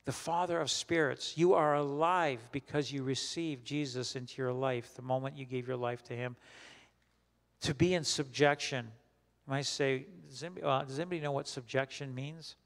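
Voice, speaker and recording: A man leading a Bible study as a pastor, teaching in a conversational, halting way with many restarts and questions put to the group. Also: medium pitch, fairly even intonation, big-room sound. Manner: questions the group and repeats their answers.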